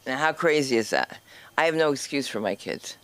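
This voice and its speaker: A woman's voice: a bass voice, animated, fairly quick. A woman hosting an open mic comedy night, chatting and teasing before she hypes up the next act. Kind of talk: casual stage banter. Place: comedy club stage.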